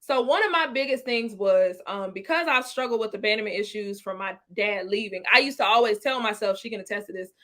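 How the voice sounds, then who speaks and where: A woman co-hosting a casual podcast, talking through tips in a lively, informal way and laughing often. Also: mid-range voice, a little fast, hardly any pauses. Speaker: podcast co-host.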